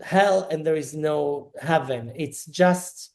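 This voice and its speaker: A man's voice: fairly high pitch, takes it slowly, vocal fry. A middle-aged man from Naples, a podcast guest telling a personal story and acting out the dialogue as he goes. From Naples, Italy. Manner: animated, acts out quoted dialogue.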